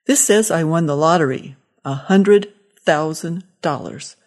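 A fussy, indignant elderly man grumbles his complaints, voiced by a woman reading a storybook aloud. The voice sits on the low side for a woman and stays plainly read rather than heavily acted. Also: unhurried, darkish tone. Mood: grumbling. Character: cranky elderly father-in-law, indignant and confused.

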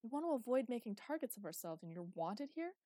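A woman's voice: fairly high pitch, big pitch swings, fast talker, mellow, no echo, clean studio sound, voice pushed up. A woman reading the part of a cautious, serious young man who speaks urgently and insistently. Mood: tense.

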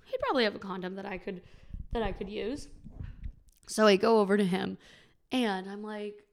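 Young woman podcast host, gravelly fry, casual chatty storyteller. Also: fairly high pitch, normal speed, pauses often. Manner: chatty, frequent "like", animated quoting.

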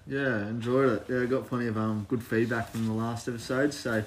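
A man, co-hosting a podcast in relaxed casual chat with many hesitations. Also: mid-range voice, brisk, a little hiss or hum. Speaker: podcast co-host.

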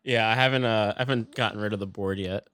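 A man's voice: fairly low pitch, fairly even intonation, fast, fairly bright tone, clear, resonant tone, no room sound, studio quality. Rambling, chuckling man co-hosting a podcast. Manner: rambling, filler-heavy, chuckling. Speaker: podcast co-host. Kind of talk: casual movie-review chat.

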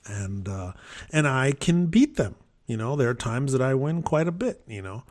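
A man in his fifties chatting casually on a podcast, telling rambling stories with animated asides. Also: medium pitch, moderate pace. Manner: rambling, with frequent restarts and animated quoted asides. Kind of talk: casual storytelling chat.

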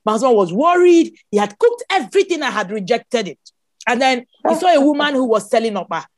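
A Nigerian woman with a fairly high voice tells her story with plenty of exclamations and laughter. She sounds close and dry, with no room sound around her. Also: fairly quick, no echo. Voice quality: expressive, exclaims often, laughs while telling. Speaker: guest. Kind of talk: animated personal storytelling.

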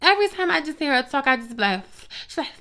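A woman giving blunt, profane, sassy commentary on reality TV gossip, with animated asides. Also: high-pitched, fast. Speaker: gossip vlogger.

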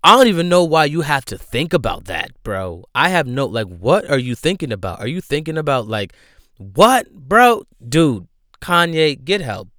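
A man's voice: mid-range voice, very animated, brisk, hardly any pauses, fairly bright tone, no echo, clean studio sound. A young man giving a casual, slangy commentary rant, emphatic and repetitive, with frequent "bro" and "my guy". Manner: slangy, emphatic, repeats himself, leans on "bro".

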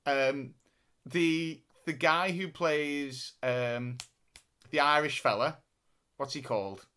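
A man's voice: a little high, slow pace, sharp tone, clean tone. A man co-hosting a casual podcast chat, rambling through stories with frequent restarts. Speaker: podcast co-host.

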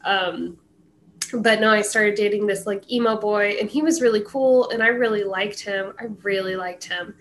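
Young woman, bright voice, slightly high, casual teasing chat, faint background hiss. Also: moderate pace. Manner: chatty, teasing sibling.

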